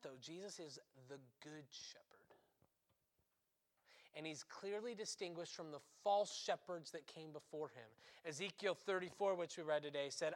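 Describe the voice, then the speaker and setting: Emphatic, conversational priest preaching a sermon. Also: male voice, a little high, fairly bright tone. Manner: talks in short phrases and often checks in with "right?"; restarts and corrects himself mid-sentence.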